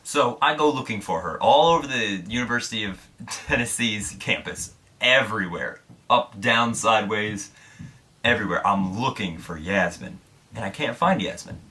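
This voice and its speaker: A man's voice: on the low side, expressive, moderate pace, pushed and bright. A young man from Indiana, a vlogger telling a story to camera in a candid, self-deprecating way, swearing freely.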